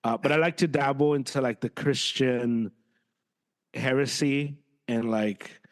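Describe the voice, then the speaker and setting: A man co-hosting a podcast in casual chat, animated and given to sudden jumps in pitch when exasperated. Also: unhurried. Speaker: podcast co-host.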